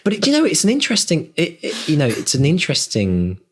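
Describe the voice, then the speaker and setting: Effusive man, expressive mid voice. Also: fairly high pitch, fast talker, breathy edge. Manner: effusive, grateful, rambling. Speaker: podcast co-host. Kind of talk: casual podcast chat.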